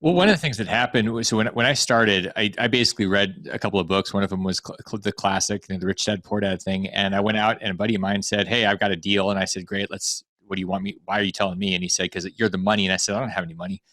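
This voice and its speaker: A man in his fifties from Montana, a podcast guest telling stories in a quick, wry and blunt way. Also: on the low side, fairly even intonation, a bit bright, no echo. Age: 50s. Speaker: guest author and financial mentor. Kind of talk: casual interview chat.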